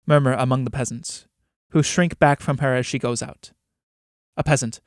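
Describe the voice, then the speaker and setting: A man's voice: medium pitch, steady tone, moderate pace, dry recording, clean studio sound. A man reading the stage directions and speaker names of a play in a plain, announcing way. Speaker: reader of a play.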